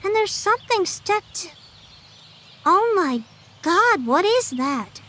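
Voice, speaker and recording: Woman putting on a high squeaky shocked girl, slow, freaked out. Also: very animated, bright, forceful tone, full character voice. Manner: startled, questioning. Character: shocked young woman passerby.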